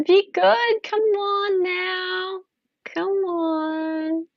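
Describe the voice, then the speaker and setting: A woman putting on a sultry, teasing voice to lure a viewer, breathy and drawn out. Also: extremely high pitch, steady tone, extremely slow, dry recording, lo-fi sound, voice pushed up, full character voice. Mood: seductive.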